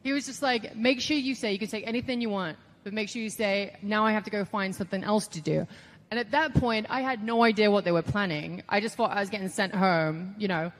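A woman's voice: medium pitch, a little fast, big-room sound. A woman guest telling stories in a casual interview, chatty, full of "like" and quoted voices. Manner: chatty, lots of "like", animated quoting of others.

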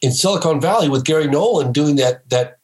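A man who is a filmmaker guest on a podcast, telling stories emphatically and breaking into excited shouts. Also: on the high side, brisk, echoey room, poor audio. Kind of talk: animated storytelling in a podcast interview.

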